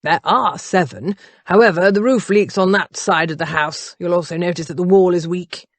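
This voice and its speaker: A blunt young man who states the facts flatly and corrects others, as a woman narrator puts him on. His voice sits low. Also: normal speed, dry recording.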